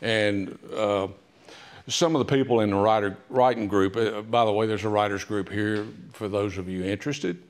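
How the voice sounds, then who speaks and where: A man giving an author talk in a library, telling history stories in a chatty, humorous way with many pauses and "uh"s. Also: fairly low pitch, steady tone. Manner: chatty, humorous, with frequent "uh" fillers. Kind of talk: casual storytelling talk. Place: public library meeting room.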